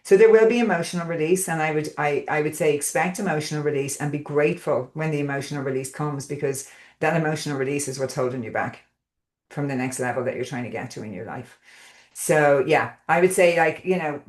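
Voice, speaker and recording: A woman with a low, deep voice runs a casual group coaching call. She rambles in a chatty way, full of fillers, and keeps checking in with her listeners. The sound is roomy and echoey. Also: brisk.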